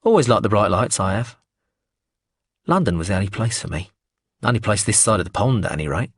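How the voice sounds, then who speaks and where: A man's voice: fairly low pitch, animated, a little fast, husky, dry recording, clean studio sound. A man voicing a cocky, foul-mouthed male hustler in an audiobook, talking in a boastful, swaggering way. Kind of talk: audiobook character reading.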